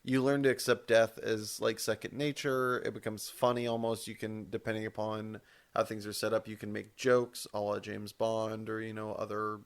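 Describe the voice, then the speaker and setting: A man talking through ideas on a podcast in relaxed, rambling chat. His voice sits low with a gravelly edge, and he often doubles back to correct himself mid-thought. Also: normal speed. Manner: rambling, self-correcting, casual swearing. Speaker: podcast co-host. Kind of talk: casual chat.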